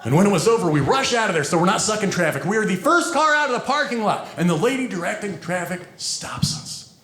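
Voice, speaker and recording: A man performing a stand-up comedy set, telling stories about his family in an animated way. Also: high voice, quick pace, roomy sound, slight background noise. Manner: animated storytelling, acting out quotes.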